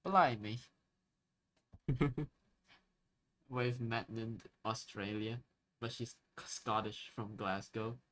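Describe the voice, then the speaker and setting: A man's voice: on the low side, steady tone, very slow, pauses often, a bit bright. A man casually chatting with his viewers while drawing on a live stream, laid-back and chuckling often, repeating words as he starts his sentences.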